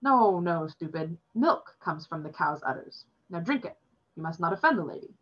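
A woman's voice: fairly low pitch, lively intonation, moderate pace, breathy edge. A woman voicing a stern immigrant father who speaks clipped, broken English, recorded with dull lo-fi sound. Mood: scolding.

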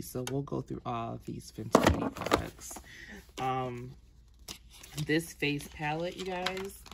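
A woman's voice: extremely low pitch, vocal fry, noisy background. A woman vlogger chatting casually through her makeup collection, rambling with ums and self-corrections. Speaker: beauty vlogger.

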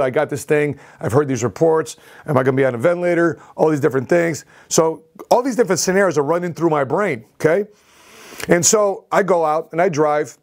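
A man telling a personal story on his vlog as an entrepreneur, in an animated, repetitive way. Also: on the high side. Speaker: entrepreneur vlogger.

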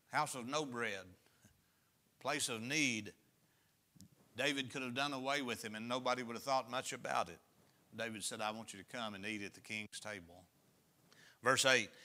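A man's voice: mid-range voice, bright, forceful tone. A man pastor preaching a sermon, reading scripture aloud and explaining it with folksy asides. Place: church sanctuary.

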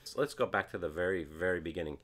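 A man's voice: deep voice, fast talker, a bit bright. A man hosting a podcast in casual chat, playful and full of follow-up questions. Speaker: podcast host.

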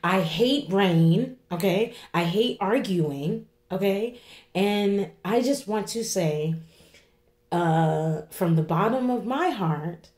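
A woman's voice: mid-range voice, animated, takes it slowly, a little mellow, reverberant. A woman in her forties, tearful after crying, talking in a rambling way to her viewers and often asking "okay?" and "you know?". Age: 40s. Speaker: vlogger. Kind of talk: emotional vlog talk to viewers.

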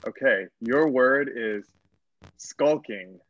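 A man's voice: medium pitch, slow pace, a bit bright, dry recording, muffled recording. A man judging a comedy spelling bee, joking dryly and putting himself down. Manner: dry self-deprecating joker. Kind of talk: casual comedic banter.

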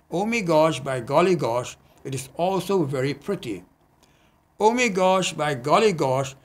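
A man with a somewhat raised pitch recites his own poetry. His delivery is earnest and measured, and he pauses for hesitant asides between poems. He is reading in a community TV studio. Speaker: poet.

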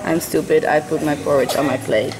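A woman's voice: sits low, fairly even intonation, brisk. A young Dutch woman chatting casually in a vlog, bubbly and giggly, mixing Dutch and English. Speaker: vlogger.

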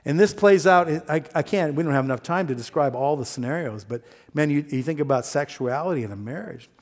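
A man preaching a sermon, telling a story with lively quoted voices and plain talk. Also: a little high, a little fast. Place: church sanctuary. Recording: long hall reverb.

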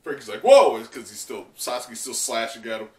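A young man hosting a live comic reaction, excitable and full of fillers and laughs. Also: mid-range voice, fast, distant mic. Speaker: manga reaction channel host. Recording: roomy sound from off mic.

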